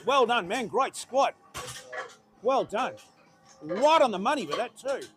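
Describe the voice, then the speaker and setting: A man announcing lifters at a powerlifting competition, chatty and musing aloud between loud cheers for good lifts. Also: very high-pitched, big pitch swings, unhurried, music in the background. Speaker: meet announcer. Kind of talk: live powerlifting commentary.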